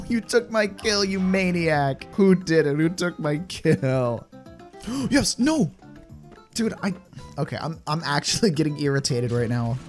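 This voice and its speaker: A man's voice: fairly high pitch, lively intonation, unhurried. A young man giving casual, rambling gameplay commentary, joking at his own expense and getting exasperated with the game. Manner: rambling, jokey, self-mocking, easily exasperated. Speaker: gaming YouTuber. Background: game background music.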